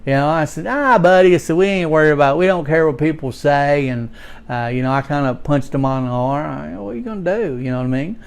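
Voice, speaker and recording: A man's voice: fairly high pitch, quick pace, creaky, clean tone. A man, playing a folksy redneck working man in a rambling comedic monologue, stammering as he tells his story.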